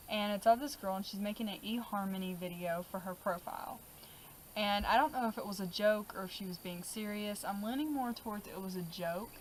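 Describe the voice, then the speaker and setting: A woman's voice: mid-range voice, a little hiss or hum, rough recording. Chatty woman vlogging outdoors. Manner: chatty, many fillers like "um" and "like". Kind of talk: casual chat about journal pages.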